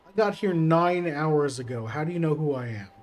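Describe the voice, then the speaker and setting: Joking streamer reading game text. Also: male voice, fairly high pitch, lively intonation, moderate pace, slight background noise. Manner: reads game text aloud with joking asides. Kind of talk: casual game commentary.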